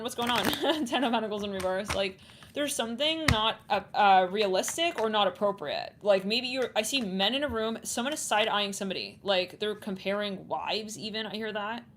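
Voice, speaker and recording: A woman gives a casual tarot reading, thinking aloud in a chatty, rambling way that often trails off and starts over. Her voice sits at an ordinary middle pitch. There is clear background noise with some clicks. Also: brisk. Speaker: tarot reader.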